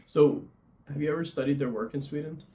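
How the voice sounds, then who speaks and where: A man's voice: a little high, very animated, normal speed, warm tone. A young man hosting a casual interview, easygoing and chatty, laughing often. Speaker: podcast host and tattoo artist.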